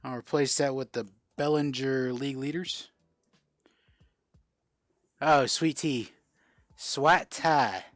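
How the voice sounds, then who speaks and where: A man's voice: medium pitch, steady tone, slow pace, long pauses, no room sound, studio quality. A man from South Florida hosting a casual live-stream card sale, chatting and answering viewer comments as he goes. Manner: chatty, reads out and answers viewer comments while selling cards.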